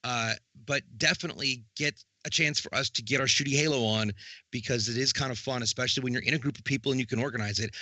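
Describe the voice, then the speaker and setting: A man's voice: medium pitch, bright, forceful tone, no room sound. A man co-hosting a casual podcast, joking and rambling with restarts as he talks over plans for streams.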